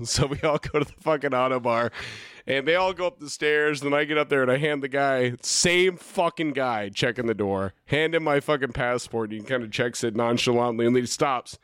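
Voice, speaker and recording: A man's voice: medium pitch, normal speed, fairly bright tone, smooth, no room sound. Profane, rambling male storyteller, dry mic. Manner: rambling, profane, self-deprecating storyteller with many restarts. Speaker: podcast co-host. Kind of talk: casual storytelling chat.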